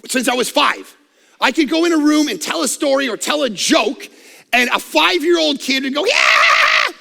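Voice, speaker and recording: A middle-aged man preaching a sermon on a headset mic, loud and energetic, with self-mocking humor. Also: very high-pitched, normal speed, vocal fry, in a large hall. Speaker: pastor. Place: church auditorium. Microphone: headset microphone.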